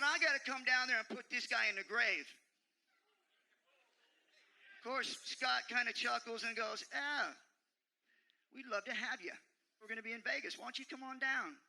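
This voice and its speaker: A man talking in a wrestling ring, recounting a rivalry and calling out an opponent, building from calm to shouted threats. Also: extremely high pitch, poor audio. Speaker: wrestler cutting a promo. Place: arena ring.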